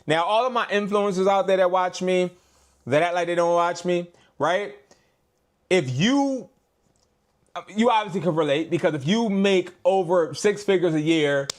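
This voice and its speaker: A man hosting a live stream as a reseller, talking in a casual, slangy and exasperated way. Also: fairly high pitch.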